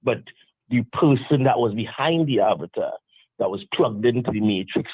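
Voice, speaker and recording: Guy calling in on a thin phone line, husky voice, dry sound, rambles and restarts a lot. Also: mid-range voice, lively intonation, normal speed, dry recording. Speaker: caller. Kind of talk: casual call-in chat. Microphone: phone call.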